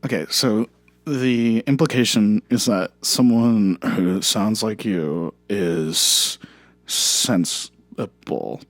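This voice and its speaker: A performer doing an impression of a solemn male film director with heavy vocal fry, speaking slowly and deadpan in improvised comedy banter. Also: medium pitch, dry recording. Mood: dry.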